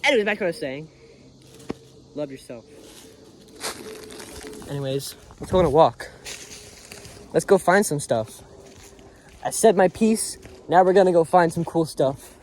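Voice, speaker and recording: His voice fairly high and darkish in tone, a young vlogger talks in an animated but unhurried way, pausing often, as he walks through the woods. Recorded on a phone, it's a rambling, earnest pep talk heavy on crude slang, with slight background noise and faint birds and insects.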